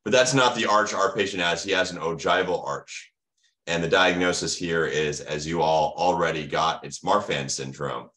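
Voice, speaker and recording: American guy teaching doctors over a video call, low voice, asks then answers. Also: moderate pace, bright, forceful tone. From United States. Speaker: medical lecturer. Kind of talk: online lecture with slides.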